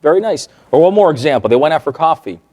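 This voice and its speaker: A man with a slightly high-pitched voice leads a therapy workshop, telling client stories with animation. He acts out what people said and keeps checking in with his listeners. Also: fast talker. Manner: animated, acts out quoted remarks, checks in with the audience. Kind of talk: lively workshop lecture told through client stories.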